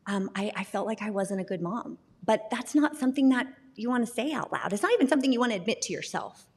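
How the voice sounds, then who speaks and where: A woman's voice: mid-range voice, animated, quick pace, a little mellow, breathy edge. A woman tells her own recovery story with candor and a self-deprecating laugh. Her voice sits in the middle range, with a long reverb around it as if in a hall. She often stumbles and restarts her words as she talks. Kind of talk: personal testimony in a recovery talk.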